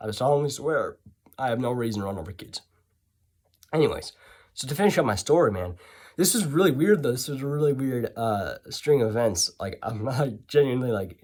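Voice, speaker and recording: A man tells a story in a loose, rambling style, full of sarcastic asides and self-corrections. His pitch swings widely as he talks. He sounds offhand and unscripted. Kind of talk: casual storytelling.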